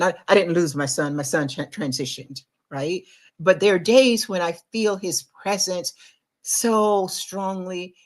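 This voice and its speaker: A middle-aged woman with a slightly low voice delivers an inspirational faith talk as a podcast host. She speaks in an emphatic, confiding way, pressing hard on some phrases and dropping to near-quiet reflection on others. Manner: emphatic and confiding, swinging between loud urgency and quiet reflection.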